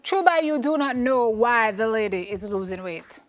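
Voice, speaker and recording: Woman, Jamaican accent, morning TV co-host, frank, teasing, somewhat high pitch. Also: lively intonation, moderate pace, faint music behind. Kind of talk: casual chat. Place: TV studio.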